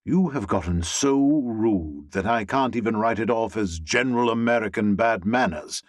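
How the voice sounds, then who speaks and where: A man's voice: lowish voice, lively intonation, normal speed, no room sound, studio quality, close to an everyday voice. A man voicing a stiff, snooty British ex-husband in a clipped, disdainful British accent for an audiobook. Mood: haughty.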